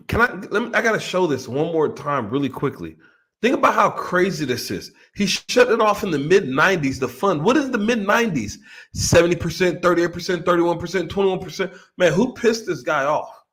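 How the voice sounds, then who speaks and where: A man with a high, lively voice hosts a reaction stream, jumping between hype and play-acted asides. His pitch climbs and drops all over as he riffs, animated and excitable throughout. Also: brisk. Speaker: host reacting to a podcast clip. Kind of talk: casual reaction commentary.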